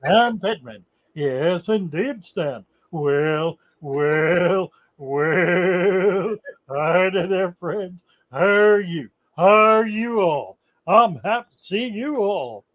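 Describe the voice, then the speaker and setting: A big, jovial Southern voice with a slow drawl, calling out hellos to everyone, as an older man hams it up on a livestream. The tone is friendly and theatrical, a little higher than his usual talk. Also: lively intonation, fairly bright tone, full character voice. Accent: Southern US drawl, put on.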